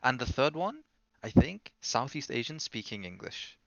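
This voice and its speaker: A man's voice: medium pitch, very animated, normal speed, creaky, no echo, lo-fi sound. A young man co-hosting a podcast in casual chat, teasing his friends and swearing freely. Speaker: podcast co-host.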